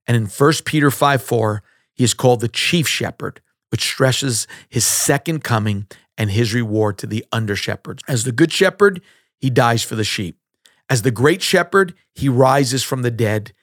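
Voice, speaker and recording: Male pastor, mid-pitched voice, measured emphatic sermon delivery, dry close sound. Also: expressive, no echo. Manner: measured, emphatic preaching with rhetorical questions.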